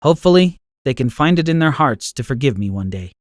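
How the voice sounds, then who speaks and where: A man narrating an animated first-person story in an emotional, expressive way. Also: medium pitch, fairly quick, noisy background.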